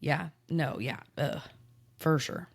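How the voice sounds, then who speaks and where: A woman's voice: low-pitched, slow pace, creaky, husky. A woman, a mother, co-hosting a casual podcast, chatty and giggly, agreeing with "yeah" a lot. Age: adult with a child. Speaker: podcast co-host. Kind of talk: casual chat.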